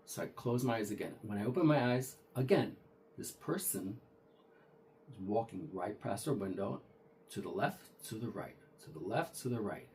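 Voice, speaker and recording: A man's voice: fairly low pitch, animated, normal speed, a little mellow, a little hiss or hum. A man casually retelling a true ghost story, talking conversationally with frequent restarts and acted-out dialogue.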